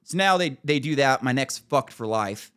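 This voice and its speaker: A man's voice: medium pitch, expressive, normal speed, a bit bright, clean tone. A podcast host who swears freely and rambles through a long story, often restarting his sentences. He is a man with an ordinary, mid-range voice. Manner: profane and rambling, with frequent restarts.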